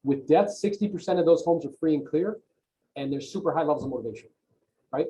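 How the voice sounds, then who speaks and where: A man's voice: on the high side, quick pace, dark tone, rough recording. A man giving an emphatic, motivational coaching talk on a video call, often checking in with "right?". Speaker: real estate coach, guest on a video call.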